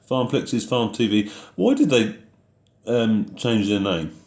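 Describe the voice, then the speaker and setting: Easygoing low-voiced farmer man. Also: big pitch swings, unhurried, a little mellow, echoey room. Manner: easygoing, reads out viewer questions then answers. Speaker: farming video host answering live chat. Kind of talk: casual live Q&A chat.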